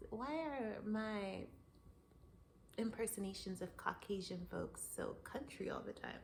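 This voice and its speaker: A woman hosting her own show, telling a story in a casual monologue, animated and often breaking into laughter as she talks straight to the listener. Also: medium pitch, measured pace, creaky. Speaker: podcast host.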